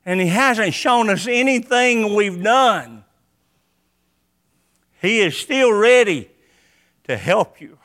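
A man's voice: very high-pitched, pushed and bright. A man preaching a sermon at a church service. He repeats key lines and stresses his points emphatically. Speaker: pastor.

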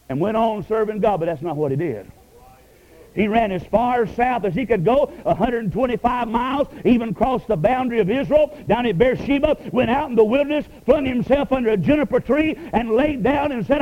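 A man preaching a sermon, swinging from ringing emphasis down to a near hush on key words. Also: sits high, lively intonation, a little fast. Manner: rises and falls sharply, dropping to a hush on key words. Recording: dull lo-fi radio broadcast.

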